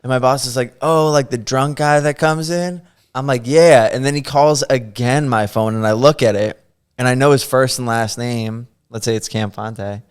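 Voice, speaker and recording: A young man telling a funny story on a podcast in casual chat, animated and often laughing as he acts out the quotes. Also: medium pitch, normal speed, smooth.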